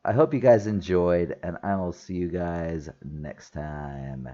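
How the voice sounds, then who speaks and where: A man with a lowish voice chats through a movie review, laughing often and restarting his sentences as he goes. The recording is a little dull and lo-fi. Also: takes it slowly, warm tone. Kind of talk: casual spoken movie review.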